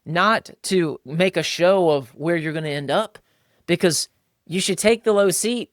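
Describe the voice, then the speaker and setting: A podcast co-host with a fairly high voice talks animatedly at normal speed, keeping it colloquial, calling listeners "bro" and mimicking people's voices when quoting them. The studio recording is clean, without echo.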